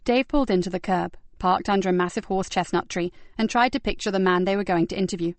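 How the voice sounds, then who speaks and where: A woman's voice: mid-range voice, fast talker, no echo. A woman narrating a crime novel as an audiobook reader.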